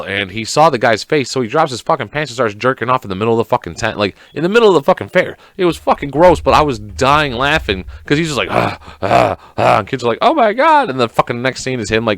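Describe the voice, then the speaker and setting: A sick man runs a loose solo podcast full of profanity, filler words and rambling, acting out scenes in quoted voices. He has a mid-range, fairly bright voice. It's a dry recording.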